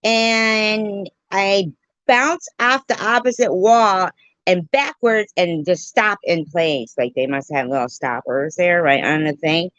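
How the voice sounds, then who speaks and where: A woman livestreamer telling a story and joking with her viewers in an animated, playful way, on a dull, dry lo-fi recording. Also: fairly low pitch, no echo. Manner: animated, jokey, slow and drawn out. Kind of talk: casual storytelling and chat.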